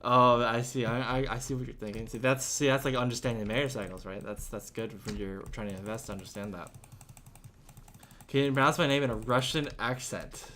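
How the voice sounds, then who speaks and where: A young man with a mid-pitched voice talks casually while streaming a game, rambling and restarting his sentences as he answers chat. Faint keyboard typing and a light hiss sit underneath. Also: a little fast, a bit bright.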